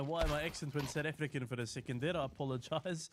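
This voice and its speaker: Chatty esports caster, noisy stream. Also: male voice, mid-range voice, fast talker, few pauses. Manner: chatty, eating while casting, reads chat aloud, rises to shouting at big plays. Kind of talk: solo live esports commentary with chat replies. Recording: streamed with clear background noise.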